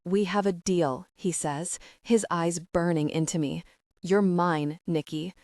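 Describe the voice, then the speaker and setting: A woman voicing a calm, possessive wealthy man, speaking softly. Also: on the low side, measured pace, no echo, studio quality.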